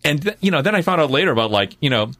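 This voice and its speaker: A man in his forties from Indiana, a guest talking casually in a studio and often pausing to hunt for words. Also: on the high side, very animated, fairly bright tone, no echo. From Indiana, USA. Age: 40s. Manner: hesitant, searching for words. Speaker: guest comic artist. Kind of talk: casual chat. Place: recording studio.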